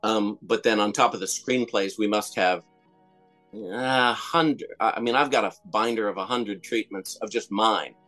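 A man's voice: lowish voice, moderate pace, a bit bright, soft background music. A middle-aged man, a comedian and songwriter, telling stories in a casual interview, rambling with many fillers and restarts.

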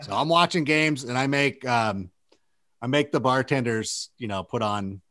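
A man's voice: mid-range voice, moderate pace, sharp tone. A man in his thirties from Southern California, chatting casually on a podcast and rambling with lots of "like" fillers. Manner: rambling, filler-heavy with many likes. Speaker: sports media guest.

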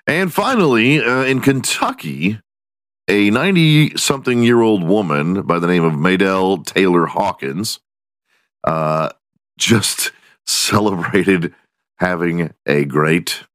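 Brief: a crude male podcast host, lively, low-pitched, dry booth sound. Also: no echo. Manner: profane, laughs at his own jokes, slips into mock voices. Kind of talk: crude comedic news rant.

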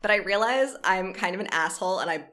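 A woman's voice: mid-range voice, expressive, fast talker, sharp tone. A woman podcast co-host in casual chat, giddy and effusive, laughing and swearing.

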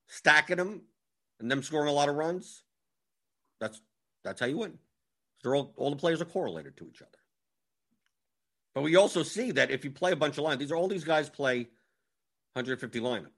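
A man giving a casual, matter-of-fact breakdown of fantasy baseball lineups, talking briskly as he scrolls through them. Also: on the high side, bright, forceful tone. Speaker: daily fantasy baseball analyst.

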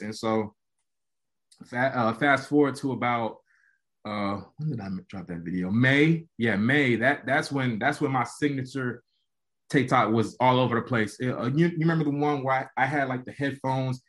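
A young man, a college football player, telling a casual story as a podcast guest and acting out quotes in an animated way. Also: fairly quick. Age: young adult. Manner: animated, acts out quotes with jumps in pitch.

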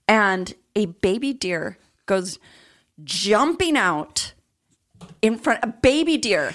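A woman co-hosts a casual podcast and tells stories in an expressive way, often laughing. Her voice sits at a middling pitch and swings widely up and down. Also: slow. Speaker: podcast co-host. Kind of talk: casual chat.

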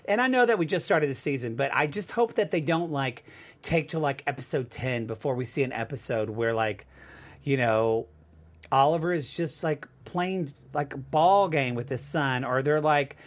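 Rambling, animated man recapping a TV show. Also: medium pitch, moderate pace. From United States. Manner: rambling, animated, acts out quotes in a drawl. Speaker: co-host. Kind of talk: casual TV recap chat.

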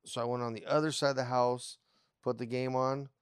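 A man's voice: medium pitch, level tone, a little fast, clear, resonant tone, no echo, clean studio sound. A man in a casual podcast chat, telling a story in a laid-back, profane way.

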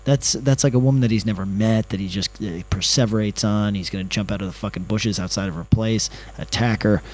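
A man's voice: lowish voice, a little fast, a little mellow, low-quality recording. A man rambles through a loose, unscripted monologue, his tone sarcastic and ranting. He swears freely and drifts between complaints and a travel story, talking from his hotel room. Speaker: travel vlogger.

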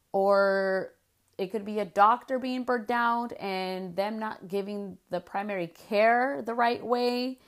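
Woman, 30s, podcast host, casual frank monologue, mid-range voice. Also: mid-range voice. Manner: frank, rambling, conversational with fillers.

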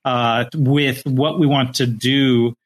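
A man co-hosting a casual chat, telling stories in a rambling, halting way. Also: mid-range voice, fairly even intonation. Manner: rambling, halting, full of restarts. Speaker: podcast co-host.

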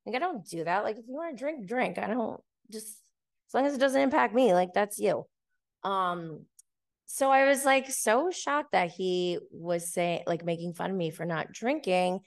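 A woman hosting a podcast, telling a story in a casual, chatty way with lots of fillers. She gets animated when she quotes other people. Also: medium pitch, moderate pace. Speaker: podcast host.

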